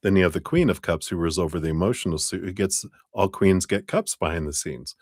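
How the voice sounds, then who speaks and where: A man's voice: sits low, quick pace, a little mellow, no room sound, clean studio sound. A man giving a tarot reading on a livestream, rambling and chuckling, restarting his sentences. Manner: rambling, self-interrupting, chuckling. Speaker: tarot reader.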